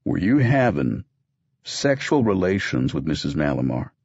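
A man voicing a stern, weary small-town sheriff who questions in terse, measured lines. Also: deep voice, very animated, a little mellow, husky, no room sound, muffled recording, heavily acted.

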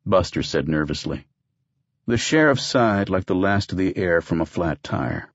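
A man with a very deep, low voice reads a story aloud with wry, dry humor. The recording is dull and lo-fi, with no room echo at all. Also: animated, moderate pace. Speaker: audiobook narrator. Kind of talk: scripted narration.

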